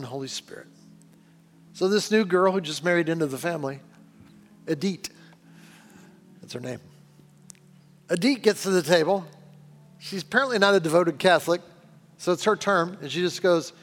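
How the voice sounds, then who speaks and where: Earnest preaching man, bright-pitched. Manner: earnest, pleading, drops to hushed tones. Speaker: pastor. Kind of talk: sermon. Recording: long reverb with faint music behind.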